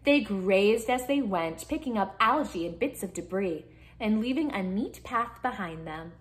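A woman storyteller reading a picture book to young kids, her voice swooping up and down with lively expression. She takes her time, drawing each phrase out slowly, and keeps stopping to coax the children into freezing, wiggling and cheering along. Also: medium pitch. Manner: animated, guiding children through movements.

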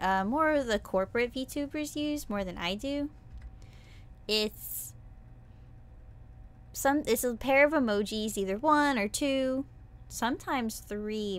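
A woman's voice: on the high side, fairly bright tone, smooth. A woman streaming as a VTuber, chatting casually and playfully with her viewers, breaking into squeals and cutesy sound effects. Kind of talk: casual livestream chat.

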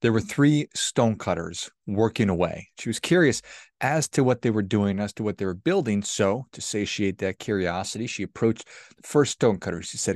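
A man's voice: lowish voice, expressive, normal speed, darkish tone, no echo, clean studio sound. A man hosting a podcast, giving a motivational monologue in a conversational, emphatic way that repeats points for stress. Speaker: podcast host.

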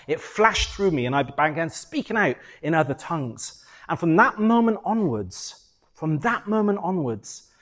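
A middle-aged British man preaching from the pulpit, his voice sitting a little high for a man. He tells his story with animation, swinging loud and soft as he acts out his own prayers. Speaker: pastor. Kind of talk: sermon.

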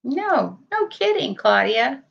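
A woman's voice: high voice, big pitch swings, slow, creaky, fairly bright tone, breathy edge, muffled recording. A woman vlogging from home, talking casually to her viewers and her dogs, teary-eyed. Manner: chatty, tearful, talks to her dogs. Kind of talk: casual livestream chat.

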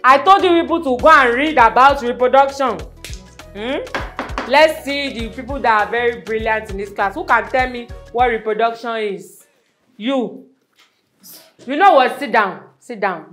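A woman's voice: a little high, normal speed, soft background music, close to an everyday voice. A woman playing a strict, scornful schoolteacher in a comedy sketch, scolding with a Nigerian accent. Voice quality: scolding, sharp and mocking.

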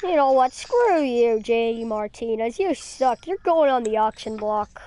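A woman's voice: on the high side, animated, a little slow, dark tone. A woman doing casual gaming commentary, playfully trash-talking and exclaiming at the screen. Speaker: gamer streaming a baseball game.

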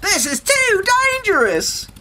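A woman's voice: extremely high pitch, huge pitch swings, measured pace, pushed and bright, slight background noise, pitched above the performer's own voice, heavily acted. A woman voicing a timid, worried female sheep in a read-aloud picture book, pleading and anxious. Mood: fretful.

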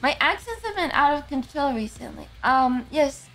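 Sleepy, high-voiced woman streamer. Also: very animated, normal speed, fairly bright tone, faint music behind. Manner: sleepy, slurring words. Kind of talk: casual livestream chat.

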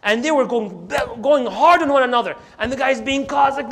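A man telling a sermon story in animated style, acting out scenes and reciting verses. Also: extremely high pitch, a little fast, few pauses. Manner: animated, acts out the scenes, quotes Quranic Arabic. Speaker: Islamic preacher.

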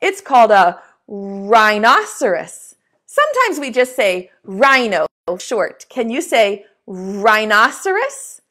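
Lady preschool teacher, super lively sing-songy voice, kinda high, talks slow for little kids. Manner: slow, sing-song and encouraging, asks children to repeat words. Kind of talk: preschool lesson for young children.

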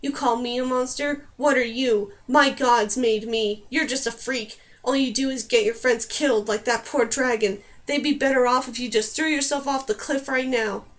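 A woman voicing a cruel female Stormwing, a half-bird monster queen, in a low, menacing, taunting voice. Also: steady tone, normal speed, few pauses, natural voice.

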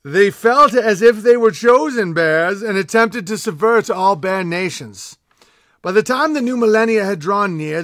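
A man's voice: sits high, a bit bright, dry recording, studio quality, pitched above the performer's own voice. A man voicing a grandiose male panda bear herald, proclaiming in a pompous, mock-epic reading.

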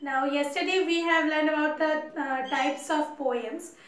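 A woman college lecturer with an Indian English accent, giving an online class in a halting way with many fillers and repeats. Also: high voice, fairly even intonation. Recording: echoey room.

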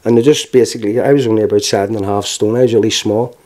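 A man in his forties with a Belfast accent, giving frank personal testimony in an interview, telling it plainly with halting restarts. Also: on the low side, fairly even intonation, warm tone. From Northern Ireland.

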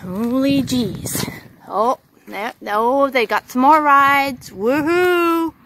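A woman vlogging outdoors at a fairground, gushing with excitement, whooping and repeating her exclamations while filming on a handheld camera. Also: high-pitched, slow, a little hiss or hum. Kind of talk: casual vlog commentary while filming.

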